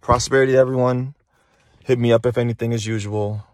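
A man's voice: medium pitch, fairly even intonation, brisk, darkish tone, no echo, studio quality. Blunt, profane motivational man on a phone. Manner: profane, emphatic, repeats phrases for emphasis. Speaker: motivational podcast host. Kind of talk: casual motivational monologue. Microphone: phone held while talking.

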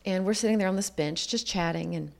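A woman with a mid-range voice and vocal fry, speaking fairly quickly, tells her life story as a guest. In conversation, she is earnest and reflective, acting out what other people said along the way.

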